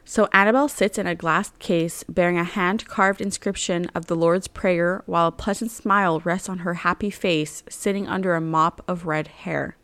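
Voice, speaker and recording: A woman's voice: lowish voice, fairly even intonation, normal speed, hardly any pauses, a bit bright, no room sound. A young woman co-hosting a casual true-crime podcast, reading her notes aloud between laughs and banter. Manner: laughs often, reads narration then banters. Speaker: podcast co-host.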